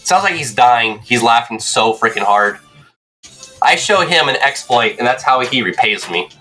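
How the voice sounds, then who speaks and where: Bright-voiced young man telling gaming stories. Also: medium pitch, normal speed, faint music behind. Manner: rambling storyteller, keeps checking in with "right?"; excitable, swears. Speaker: streamer. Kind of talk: casual gameplay chat.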